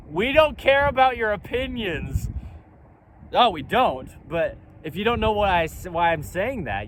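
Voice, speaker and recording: A man speaks outdoors in a casual vlog, his pitch rising and falling in lively swings. He is emphatic and insistent and keeps repeating his points. Faint wind and traffic sit behind him. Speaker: clothing company founder. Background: faint wind and traffic noise.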